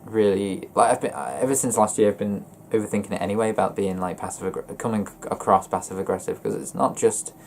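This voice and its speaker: A young man vlogging about his feelings in a flat, monotone voice, hesitant and often stopping to correct himself. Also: on the low side, slight background noise. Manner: hesitant, halting and self-correcting. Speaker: gaming YouTuber. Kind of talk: personal confessional vlog.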